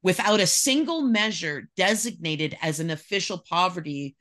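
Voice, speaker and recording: A woman's voice: on the low side, animated, normal speed, a bit bright. A woman from Canada, a podcast guest, talking in casual chat with many restarts and reading excerpts aloud.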